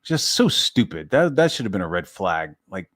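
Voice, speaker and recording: A man's voice: sits low, sing-song, moderate pace, a bit bright. A man casually telling a rambling personal story, swearing freely and often restarting his sentences. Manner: rambling, profane, self-interrupting. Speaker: streamer.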